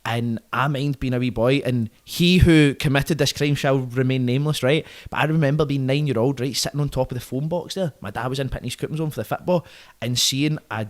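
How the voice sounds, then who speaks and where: A man's voice: mid-range voice, brisk. A man in his twenties with a Glaswegian accent, a podcast guest telling profane, vivid stories in casual chat, punctuated by "right?" and "mate". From Scotland.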